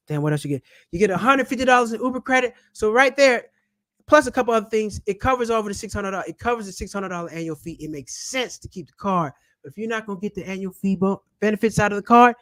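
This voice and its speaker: Guy w a high voice talking money tips, blunt, cusses, repeats himself, dead dry room. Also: a bit bright, no room sound. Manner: blunt, swears, repeats points for emphasis. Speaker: personal finance YouTuber. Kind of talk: casual direct-to-camera advice.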